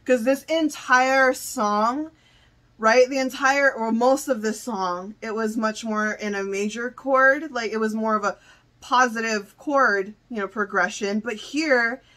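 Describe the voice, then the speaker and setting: A woman's voice: on the high side, a little slow, pushed and bright. A young woman hosting a music reaction, gushing and exclaiming, often repeating herself as she reacts. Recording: song playing in the background.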